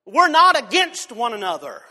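A man's voice: extremely high pitch, wildly swooping pitch, normal speed, sharp tone. A man preaching a sermon in a church, fervent, often repeating and restarting his words. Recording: long hall reverb.

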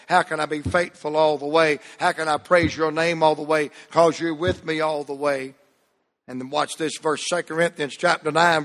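Man, pastor, sermon, high pitch, long hall echo, emphatic drawn-out phrase endings. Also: fairly bright tone. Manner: emphatic preaching with drawn-out, dropping phrase ends. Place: church sanctuary.

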